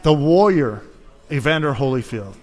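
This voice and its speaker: A man hosting a casual podcast chat, animated and quick to laugh. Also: mid-range voice. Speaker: podcast host.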